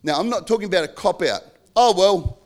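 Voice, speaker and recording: A middle-aged man preaching an earnest sermon on marriage, acting out quarrels between spouses in sudden shouted bursts. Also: high voice, lively intonation, rapid-fire. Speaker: pastor.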